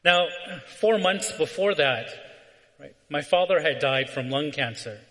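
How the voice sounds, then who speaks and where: A man from Southern California preaches a sermon, telling a personal story and checking in with "right?" between phrases. His voice sits on the high side, animated and a bit bright, at a measured pace. A hall gives the recording a long reverb.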